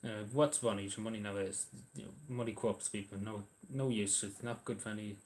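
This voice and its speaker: Low-voiced Irish man, rambling chat. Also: fairly even intonation, brisk, darkish tone. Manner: rambling and hesitant, many ums and restarts. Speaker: livestreamer. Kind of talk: casual livestream chat answering viewer messages.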